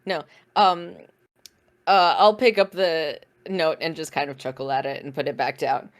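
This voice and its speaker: Low-voiced giggly woman player. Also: steady tone, normal speed. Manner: giggly, hesitant with many ums. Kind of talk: casual tabletop play.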